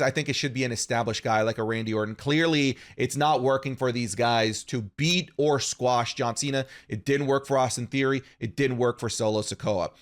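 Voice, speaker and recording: A man's voice: medium pitch, fairly bright tone. A man co-hosting a casual podcast, giving rambling, opinionated takes with frequent restarts. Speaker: podcast co-host. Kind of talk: casual wrestling podcast chat.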